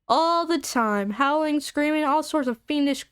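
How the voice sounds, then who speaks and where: A folksy old miner with a put-on Southern drawl, gruff and unhurried, as a woman reads him aloud. The voice sits high for a man, and the recording is close and dry, with no room sound. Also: no echo.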